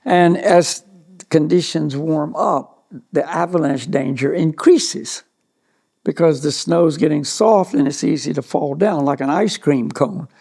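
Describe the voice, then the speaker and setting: A man giving a relaxed talk on staying calm, telling a rambling anecdote full of "you know" asides. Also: on the high side, unhurried, creaky.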